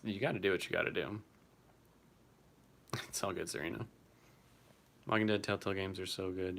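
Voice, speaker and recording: A young man on a livestream chats casually as he reads the live chat, answering viewers by name and swearing now and then. His voice is fairly low in pitch with a slightly bright quality.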